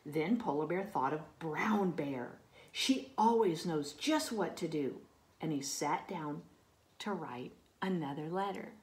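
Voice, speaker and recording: A woman reading a picture book aloud to children, gently explaining and asking the listener questions. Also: deep voice, lively intonation, slow. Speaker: storybook reader.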